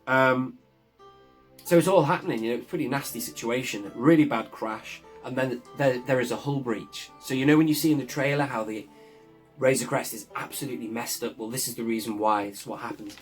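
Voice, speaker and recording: A man's voice: medium pitch, brisk, soft background music. A man recapping a TV episode in a casual, enthusiastic way, often chuckling as he talks. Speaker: show reviewer.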